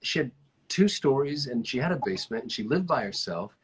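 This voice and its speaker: A man hosting a casual chat over a video call, telling stories animatedly and sometimes slowing down to reflect. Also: medium pitch, breathy edge, poor audio. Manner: animated storyteller, often stretching out reflective phrases. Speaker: host.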